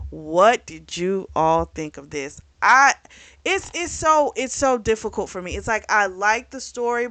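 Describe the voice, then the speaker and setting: A woman's voice: medium pitch, fairly bright tone, no echo. A woman reviewing a book in a casual recap, rambling with plenty of fillers and blunt swearing. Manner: rambling, frank, swears freely, lots of fillers.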